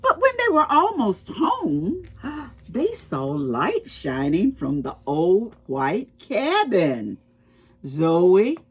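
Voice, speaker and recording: A woman's voice: mid-range voice, slightly rough. A woman reading a picture book aloud to preschoolers, explaining words and asking the children questions as she goes. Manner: expressive, slow and explaining to children. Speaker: children's storytime reader.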